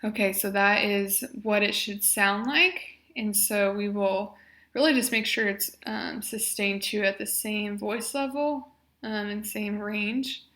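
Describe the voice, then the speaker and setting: A woman's voice: mid-range voice, steady tone, bright, forceful tone. A woman leading a guided voice exercise class, giving encouraging step-by-step instructions and modelling sounds for her group to copy. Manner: encouraging, slow and clearly paced instructions. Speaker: speech therapy exercise leader. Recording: echoey room.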